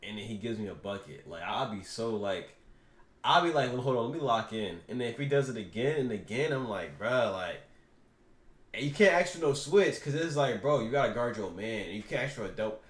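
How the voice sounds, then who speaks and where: A man reacting to clips, talking casually and excitedly to his viewers in slang. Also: medium pitch, fairly quick, roomy sound. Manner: animated, slangy, talks to viewers. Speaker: reaction streamer.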